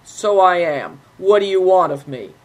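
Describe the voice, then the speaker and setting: A woman's voice: fairly low pitch, expressive, a little slow, darkish tone, low-quality recording. Woman doing a curt, snappish merchant. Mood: brusque. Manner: short and snappish. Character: brusque, curt male merchant.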